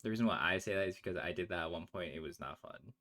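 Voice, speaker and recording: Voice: sits low, fast talker, a bit bright. A friend on a live stream chatting casually, reacting with slang and swearing freely. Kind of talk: casual chat.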